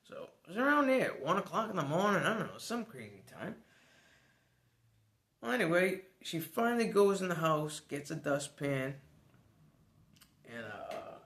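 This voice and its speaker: A man's voice: a little high, very animated, normal speed, pauses often, a bit bright. A man telling a personal story in a casual, rambling way, chuckling now and then. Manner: rambling, conversational, restarts, chuckles.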